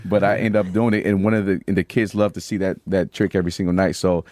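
Fast-talking athlete man. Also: low-pitched, flat delivery, darkish tone, no room sound. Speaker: guest, professional basketball player. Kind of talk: casual interview.

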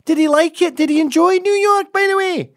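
A man putting on a Scottish accent to voice a chatty, nosy Glaswegian man who asks eager questions. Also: a little fast. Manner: high-pitched, eager questioning.

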